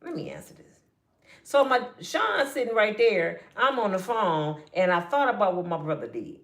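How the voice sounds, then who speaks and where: A woman spins a personal story in relaxed, slangy speech and keeps talking straight to her listeners. She acts out the people in it, sometimes hushing way down, sometimes getting loud. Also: medium pitch, normal speed. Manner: animated, acts out quotes with hushed and raised voices; colloquial, addresses listeners as y'all. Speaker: storyteller speaking to her audience. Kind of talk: casual storytelling monologue.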